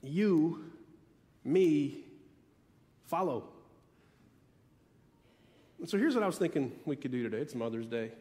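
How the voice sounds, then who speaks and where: A man preaching a sermon as pastor, emphatic, repeating key phrases with dramatic pauses. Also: medium pitch, big pitch swings, a little mellow, big-room sound.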